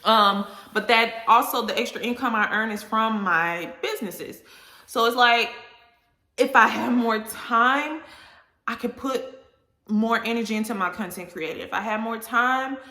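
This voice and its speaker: A woman's voice: a little high, a little slow, pushed and bright. Candid woman vlogging in an echoey room. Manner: candid, emotional, talks straight to viewers. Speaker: vlogger and content creator. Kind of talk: candid casual vlog talk.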